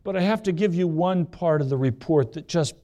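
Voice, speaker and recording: A man preaching a sermon, earnest and questioning, slowing down to stress key words. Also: on the high side, dark tone. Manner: earnest, questioning, slows for emphasis.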